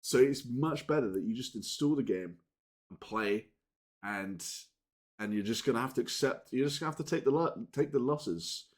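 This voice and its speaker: A man's voice: medium pitch, lively intonation, moderate pace. Rambling casual male gaming vlogger. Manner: rambling, with frequent restarts and casual swearing; talks straight to viewers, swinging between loud and muttered. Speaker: gaming channel host. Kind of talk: casual unscripted chat to camera.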